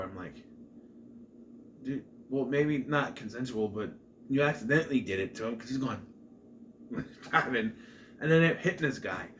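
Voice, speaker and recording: A man casually reviewing a comedy movie on his own, animated and laughing at the jokes, jumping into high voices to mimic lines. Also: slight background noise.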